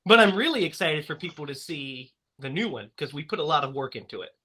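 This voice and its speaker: Upbeat male podcast host, bright voice, casual chat, laughs easily. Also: a little high, lively intonation, brisk, slightly rough.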